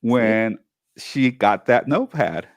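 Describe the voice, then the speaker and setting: A man co-hosting a talk show, telling a personal story in a casual, animated way and acting out the family members he quotes. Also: mid-range voice, takes it slowly, creaky, no echo, studio quality. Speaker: co-host.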